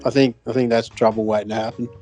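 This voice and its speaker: A man's voice: mid-range voice, level tone, rapid-fire, dark tone, faint music behind. A man with an Australian accent, co-hosting a podcast and telling a fishing story in casual chat, rambling and swearing with lots of fillers and restarts. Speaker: podcast co-host.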